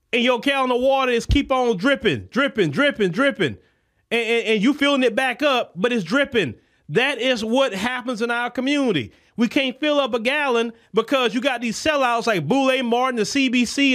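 Man, political commentary podcast, impassioned, high voice. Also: a bit bright. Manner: impassioned, repetitive, preacher-like cadence. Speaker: podcast host. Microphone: podcast microphone.

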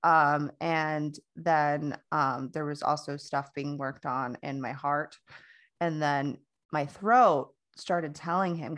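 A young adult woman co-hosting a casual podcast chat, telling a long story with many restarts and quoted dialogue. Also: low-pitched. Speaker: podcast co-host.

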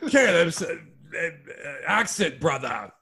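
A man's voice: a little high, very animated, takes it slowly, bright, forceful tone. A man hosting a comedy podcast in casual, playful banter with friends. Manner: playful, breaks into put-on English accents.

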